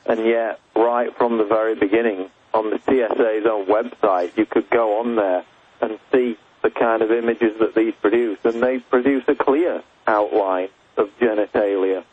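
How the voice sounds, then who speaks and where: A man with a lowish, husky voice speaks in a measured, explanatory way. He comes through a tinny phone line as a guest on a radio show. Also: steady tone.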